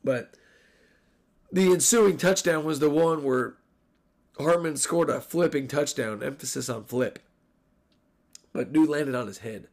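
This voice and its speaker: Gravelly guy ranting and swearing about football on his podcast, kinda high voice. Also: unhurried, long pauses. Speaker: podcast host. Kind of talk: solo sports recap podcast.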